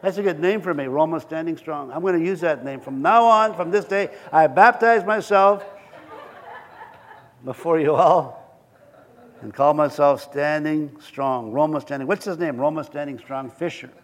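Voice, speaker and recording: A man preaching to his congregation with a high, bright voice. He moves between earnest encouragement and playful storytelling, acting out scenes and laughing along the way. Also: moderate pace. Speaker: pastor. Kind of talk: sermon.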